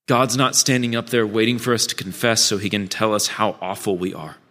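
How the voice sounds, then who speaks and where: Bright-voiced man preaching in a hall. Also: fairly low pitch, level tone, a little fast. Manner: candid storytelling, self-deprecating. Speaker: pastor. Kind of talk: sermon. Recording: long church hall reverb.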